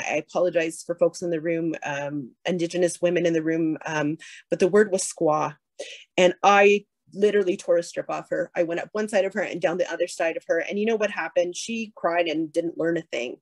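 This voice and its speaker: A middle-aged woman from Canada speaks candidly in a keynote address, her voice a little low. She pauses often with fillers and restarts. The sound is close and dry. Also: a little mellow, no echo. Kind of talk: keynote speech.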